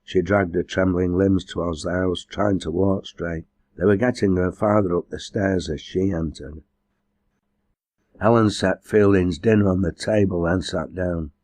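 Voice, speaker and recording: Deep-voiced male audiobook narrator. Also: fairly even intonation, a little slow, darkish tone, dry recording. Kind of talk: scripted narration.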